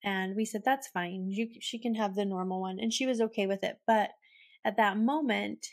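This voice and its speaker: A woman's voice: mid-range voice, steady tone, normal speed. Podcast host, woman in her thirties, chatty storyteller who gets teary and laughs it off. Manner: emotional, tearful and laughing while telling stories. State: choked up, near tears. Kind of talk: casual storytelling.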